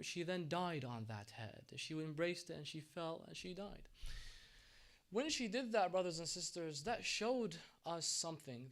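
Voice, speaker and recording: A man delivers a religious lecture in a mosque. His voice sits a little high for a man and moves between hushed, grieving stretches and loud, pleading outbursts. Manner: impassioned, swings from soft to loud and back. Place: mosque hall.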